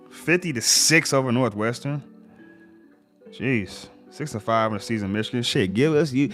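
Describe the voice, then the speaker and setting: Laid-back man running through scores. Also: lowish voice. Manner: laid-back, reacts to scores with slang asides. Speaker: sports livestream host. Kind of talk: casual score rundown.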